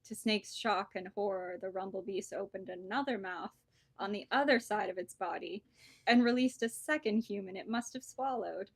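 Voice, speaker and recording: A woman bookseller reading a children's storybook aloud with lively, expressive storytelling. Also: medium pitch, moderate pace, vocal fry, slightly rough, dry recording.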